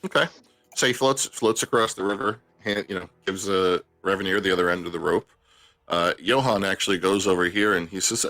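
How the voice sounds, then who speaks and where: A man's voice: low voice, brisk, fairly bright tone. A man acting as game master, easygoing and conversational, on an online call. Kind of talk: running a tabletop game.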